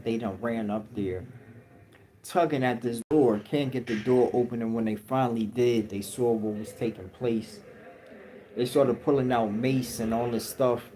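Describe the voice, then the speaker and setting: A man's voice: mid-range voice, dark tone, a little hiss or hum, poor audio. A man telling a story on a livestream in a casual, slang-heavy way. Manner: slang-heavy, acts out quotes. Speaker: livestream host.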